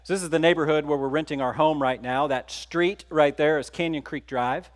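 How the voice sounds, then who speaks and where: A man's voice: a little high, brisk. Storytelling man giving a keynote. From Texas. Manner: conversational, asks the audience questions. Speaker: keynote speaker. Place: conference stage.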